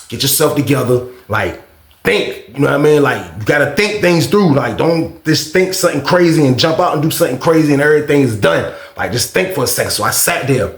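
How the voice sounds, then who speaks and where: A man telling a story to camera in a casual monologue, animated and profane, full of street slang, with outbursts that rise in pitch. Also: fairly quick, reverberant.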